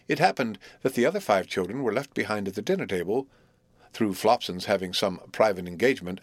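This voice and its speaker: A man reading a classic novel aloud as a narrator, with measured, expressive storytelling. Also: on the low side, dry recording. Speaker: audiobook narrator.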